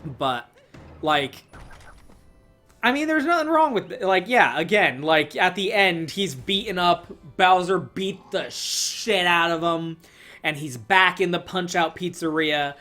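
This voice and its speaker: Rambling young man with a higher voice. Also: expressive, unhurried, pushed and bright, soft background music. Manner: rambling, swears, filler-heavy, laughs a lot. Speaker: movie reviewer. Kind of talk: casual rambling review.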